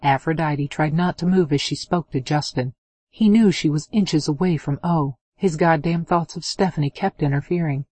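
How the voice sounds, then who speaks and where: A woman narrating an adult romance novel in a steady, expressive reading on a close mic. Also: sits low, moderate pace, husky, no room sound. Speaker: audiobook narrator.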